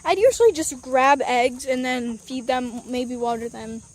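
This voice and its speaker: A woman's voice: sits high, measured pace, a little mellow, slight background noise. A young woman vlogging outdoors at a chicken coop, talking to the camera she holds and coaxing her hens in a chatty, sing-song way. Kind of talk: casual vlog narration. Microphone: handheld camera.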